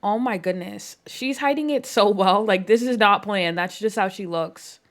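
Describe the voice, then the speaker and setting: A woman's voice: mid-range voice, normal speed. A woman giving casual, rambling commentary on a life-sim playthrough, with lots of fillers and playfully exasperated asides to her characters. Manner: chatty, rambling, filler-heavy with frequent "um" and "like". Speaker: game streamer narrating a life-sim playthrough.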